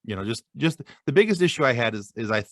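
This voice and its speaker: A man's voice: mid-range voice, big pitch swings, quick pace, fairly bright tone, no room sound, studio quality. A man guest on a podcast, talking casually in a rambling, self-deprecating way. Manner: rambling, many fillers and restarts, self-deprecating. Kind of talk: casual interview chat.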